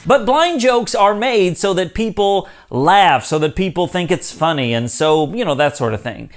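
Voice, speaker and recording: A young man talks straight to the camera in his own channel's relaxed, chatty style. His voice sits a little high for a man and swings up and down a lot. He sounds upbeat, laughs easily and slips into playful voices for the lines he quotes. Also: normal speed, few pauses, soft background music. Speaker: YouTube host. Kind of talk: casual talk to camera.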